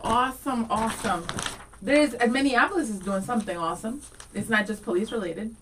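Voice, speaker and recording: An enthusiastic female co-host chats on morning radio in a fairly high voice, full of fillers and excitement. She sits a little away from the mic, so she sounds distant. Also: brisk, crowd noise. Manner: bubbly and enthusiastic, with many fillers. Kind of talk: casual radio chat.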